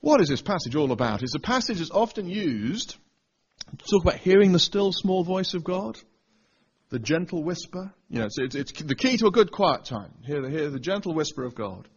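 A man's voice: a little high, sing-song, moderate pace, slightly rough, dull audio. A man preaching a Bible teaching sermon, pressing his listeners with rhetorical questions. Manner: asks the audience rhetorical questions.

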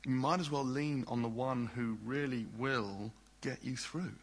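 A man preaching a sermon in an earnest way, often dropping to soft, hushed tones. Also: medium pitch, steady tone, a little slow, poor audio.

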